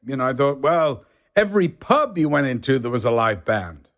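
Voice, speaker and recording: An older English man with a soft northern Yorkshire accent, a guest actor telling rambling stories in casual chat, full of "you know"s. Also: mid-range voice, big pitch swings, moderate pace. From England. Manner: rambling storyteller, many "you know"s, does voices in quotes.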